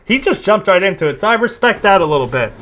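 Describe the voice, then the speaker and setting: A man with a fairly high voice gives casual reaction commentary. He talks bluntly, with sarcasm and plenty of swearing. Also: sing-song, fast talker, fairly bright tone, a little hiss or hum. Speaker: commentary host.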